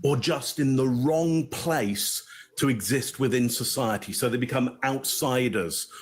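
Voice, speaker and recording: A man in his fifties giving measured, explanatory commentary as a body language analyst. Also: mid-range voice, breathy edge. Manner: explanatory, measured, occasional chuckles.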